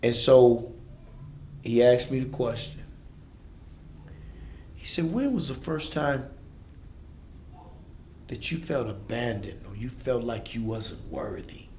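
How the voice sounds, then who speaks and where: A gravelly man in his forties tells a raw story from his own life. His speech is blunt, intense and street-inflected. He sounds like he is in an echoey room with a faint hiss behind him. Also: medium pitch, lively intonation, slow pace, pauses often, mellow. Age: 40s. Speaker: guest. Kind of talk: emotional personal storytelling.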